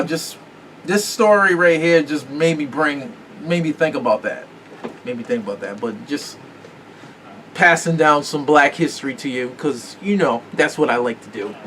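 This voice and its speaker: A man's voice: medium pitch, a bit bright. A man hosting a podcast in casual chat, rambling and profane, often stopping to search for words. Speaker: podcast host. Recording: distant mic with faint room noise.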